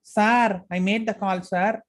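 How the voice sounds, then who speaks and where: A man's voice: high-pitched, fairly even intonation, takes it slowly, pitched above the performer's own voice. A man voicing a polite young female secretary who ends each phrase with "sir" in an odd accent. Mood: dutiful. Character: thin young office secretary woman, dutiful and polite.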